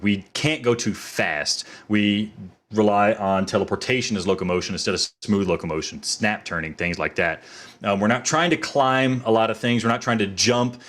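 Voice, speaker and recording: Male game reviewer, lowish voice, playful mock-trial delivery. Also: fairly bright tone.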